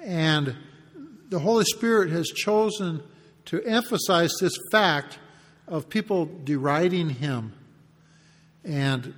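High-voiced man preaching in a reverberant hall. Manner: conversational, acts out the mockers' taunts in asides. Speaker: pastor. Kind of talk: expository sermon.

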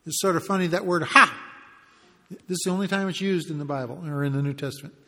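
A man's voice: fairly high pitch, steady tone, quick pace, sharp tone, big-room sound. A man preaching a conversational expository sermon, reading verses and acting out brief taunts as asides. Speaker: pastor.

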